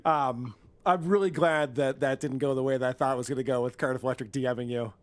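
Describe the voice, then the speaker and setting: A man's voice: mid-range voice, steady tone, fast. A man hosting a casual podcast quiz game, loose and joking, who swears and laughs often.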